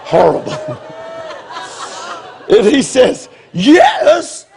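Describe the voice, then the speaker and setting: A man's voice: high-pitched, very animated, a little slow, vocal fry, crowd noise, noisy background. A man preaching in a humorous storytelling style, blunt and self-mocking, often laughing as he talks. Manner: blunt, confrontational delivery.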